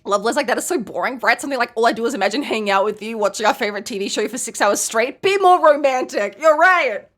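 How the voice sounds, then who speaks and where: A woman streams a casual let's play of a game, reading in-game letters aloud with joking asides and laughing often. She's playful and giggly, talking rapid-fire with few pauses in a fairly high, slightly bright voice.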